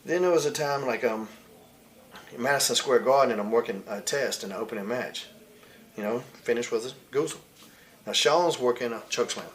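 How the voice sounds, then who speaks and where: With a medium pitch and brisk delivery, a man in his forties, a wrestler interviewed as a guest, shares candid stories amid slight background noise. He comes across blunt and heated, cursing often and quoting others in put-on voices.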